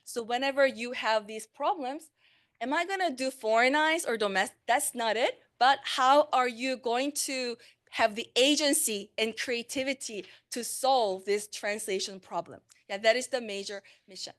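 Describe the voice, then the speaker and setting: A woman's voice: on the high side, normal speed, a bit bright. A woman, a language instructor giving a conversational conference talk on teaching translation, with fillers and self-corrections. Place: conference room.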